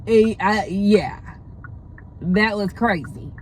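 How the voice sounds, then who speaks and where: A woman's voice: mid-range voice, takes it slowly, a little hiss or hum, low-quality recording. A young woman vlogger telling a story in a casual, profane way and laughing often. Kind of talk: storytime vlog.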